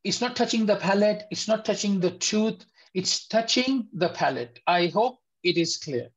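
A man's voice: sits high, dull audio. A man teaching an online tajweed lesson, patiently repeating letter sounds and checking that his students follow. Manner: patient, repeats sounds slowly, asks if it is clear. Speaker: Quran recitation teacher.

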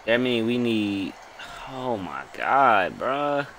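A young man giving loud, excited commentary while playing a football video game, swearing and bursting into shouts. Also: medium pitch, slow pace. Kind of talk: excited live gameplay commentary. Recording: loud game crowd noise behind. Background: game stadium crowd.

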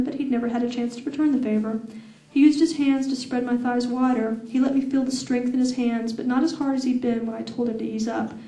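A woman reads her own fiction aloud at a fan event, slowly and deliberately, with a sensual lilt. Her voice is a little high yet mellow. It is heard from afar in an echoey room. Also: distant mic. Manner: slow, deliberate, sensual reading. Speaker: author reading her novel. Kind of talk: public reading of fiction.

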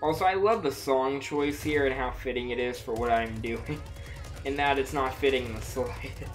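A woman's voice: a bass voice, normal speed, soft background music. A woman chatting casually on a gameplay livestream while feeling sick with a dry throat, giggling often and mocking herself. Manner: giggly, self-mocking, frequent laughter and exclamations.

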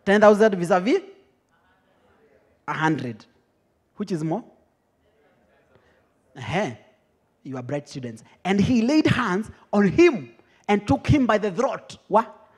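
Husky high-voiced Kenyan preacher. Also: male voice, slow pace, pauses often. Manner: lively, laughs often, teasing the congregation. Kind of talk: teaching sermon, mixing English and Swahili.

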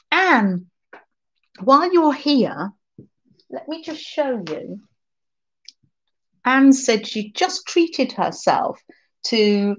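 A woman's voice: fairly high pitch, dull audio. A woman hosting a craft livestream, chatting casually, reading out viewer comments and laughing often.

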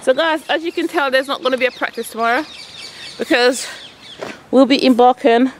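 A woman's voice: high-pitched, brisk, a little hiss or hum. A woman coaching her son at tennis on an outdoor court, calling out shots and chatting casually to her vlog viewers. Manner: calls out shots, chatty and coaxing.

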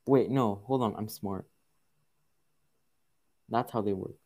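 A man's voice: fairly low pitch, slow, pauses often. Exasperated young man muttering over a game. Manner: exasperated, muttering, swings into loud outbursts. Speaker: gaming video creator. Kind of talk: frustrated gameplay commentary.

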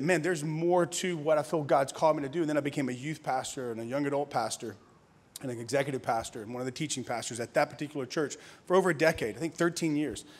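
A pastor in his thirties from Louisiana, telling his testimony in a conversational sermon with laughs and restarts. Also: fairly high pitch. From Louisiana, USA. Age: 30s. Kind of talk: conference sermon, personal testimony.

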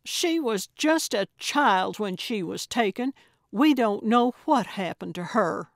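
A woman's voice: medium pitch, unhurried, dry recording, studio quality, close to an everyday voice. A woman voicing an eager, fussy older woman amateur sleuth, earnest and flustered in an audiobook. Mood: insistent.

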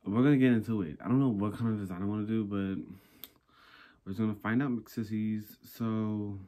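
A young man vlogs in a sassy, rambling, casual chat as he talks himself through a craft project. His voice is lowish and dark, with a steady tone and a slightly fast pace. Background hiss makes the recording noisy.

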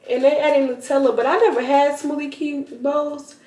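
Chatty teen girl, high voice, echoey room. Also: moderate pace, few pauses, darkish tone, a little hiss or hum. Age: teens. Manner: chatty, rambling, addresses viewers as y'all. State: out of breath at times. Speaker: vlogger. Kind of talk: casual vlog talk to camera. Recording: roomy, somewhat distant phone audio.

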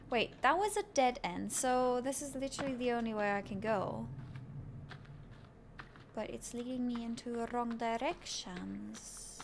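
A woman's voice: a little high, a little slow, slight background noise. A woman streaming a game live, chatting playfully with her viewers and laughing often at her own jokes. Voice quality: giggly, playful, self-mocking. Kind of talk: live gameplay commentary.

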